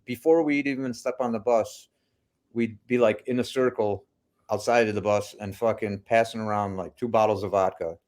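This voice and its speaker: A man's voice: on the low side, steady tone, normal speed, darkish tone. A man guesting on a podcast, chatting casually about touring, swearing a lot and saying "dude" often. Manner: laid-back, heavy swearing, lots of "dude" and "man". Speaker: podcast guest, metal musician. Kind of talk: casual chat.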